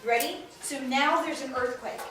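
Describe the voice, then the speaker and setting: A woman telling a Bible story to children with lively expression, quizzing them as she goes. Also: high voice, normal speed. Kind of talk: animated Bible lesson for kids. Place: classroom with children. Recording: echoey room, far from mic, noisy.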